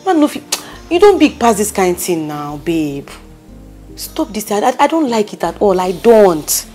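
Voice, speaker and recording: An actress playing a loyal, bossy best friend with a Nigerian accent in a film drama, talking insistently and repeating herself. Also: female voice, medium pitch, big pitch swings, measured pace, dark tone, faint music behind. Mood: coaxing. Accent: Nigerian, with Pidgin English. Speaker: consoling friend.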